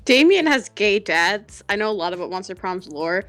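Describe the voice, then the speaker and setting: A woman's voice: mid-range voice, big pitch swings, normal speed, fairly bright tone, faint music behind. A woman chatting casually as a guest player, enthusiastic and tripping over her words. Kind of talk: casual chat while gaming.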